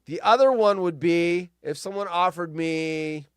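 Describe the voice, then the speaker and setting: A man's voice: high-pitched, a little slow, clear, resonant tone, no room sound, clean studio sound. A man hosting a live stream, reading news stories aloud in casual commentary with crude, rambling asides and frequent swearing. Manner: animated, jumps between loud outbursts and mutters.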